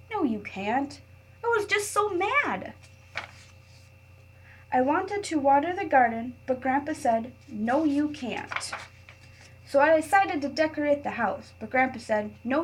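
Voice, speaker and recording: Teacher woman reading aloud, slightly high voice. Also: slight background noise. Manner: clear, patient storytime reading with pauses for students. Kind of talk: reading a picture book aloud to a class.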